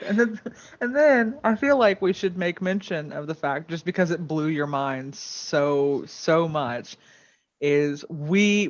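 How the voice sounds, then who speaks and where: Co-host teasing her friend, talks slow, kinda dull lo-fi sound. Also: mid-range voice. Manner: teasing, dry. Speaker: podcast co-host. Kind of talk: casual chat.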